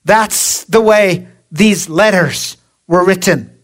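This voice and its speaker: A woman preaching a sermon, slow and emphatic, drawing out her phrases. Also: lowish voice.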